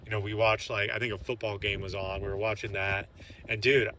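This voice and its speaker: A man's voice: fairly low pitch, level tone, fairly quick, bright, forceful tone. A young man casually telling a story while playing a game, rambling with lots of filler words and chuckling to himself. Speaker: gaming channel host. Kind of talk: casual storytelling over gameplay.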